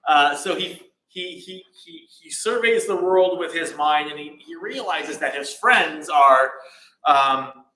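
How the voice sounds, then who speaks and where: A man giving a casual dharma talk in a temple hall, relaxed and chatty, with many fillers and restarts. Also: on the high side. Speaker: temple teacher. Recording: echoey hall.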